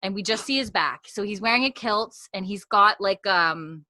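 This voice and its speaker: A woman's voice: mid-range voice, moderate pace, pushed and bright, no echo. A young woman co-hosting a casual podcast, animatedly recapping a TV episode and acting out the characters' lines.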